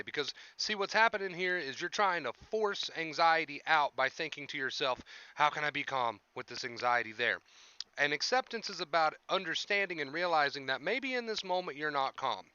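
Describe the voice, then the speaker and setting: A man's voice: a little high, sharp tone, clean tone, no echo, dull audio. A young man hosting a casual livestream, chatting with viewers and coaching them on anxiety, often repeating his phrases. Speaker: livestream host talking about anxiety.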